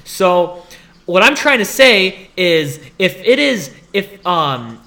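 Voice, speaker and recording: Young man, high voice, bright and tense tone, animated solo podcast rant, complaining and laughing. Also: takes it slowly, gravelly. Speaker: podcast host.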